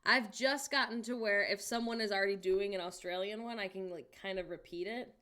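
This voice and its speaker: This livestream host is a young American woman whose mid-range voice is fairly quick and fairly bright. She reads viewers' messages aloud, cracking jokes, laughing frequently, and reacting with incredulity.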